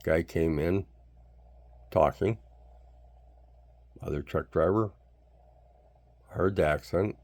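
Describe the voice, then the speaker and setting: This is an older man from Canada rambling through a blunt, folksy monologue, wandering from one subject to another. His voice sits very low with a gravelly edge, and it sounds close and dry, with almost no room around it. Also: slow pace, pauses often, darkish tone, dry recording. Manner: blunt, folksy, jumps between topics.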